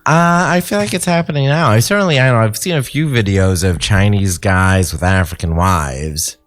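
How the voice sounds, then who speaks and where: A man's voice: on the low side, normal speed, fairly bright tone, dry recording. A man co-hosting a podcast, making dry, sardonic remarks in casual chat. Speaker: podcast co-host.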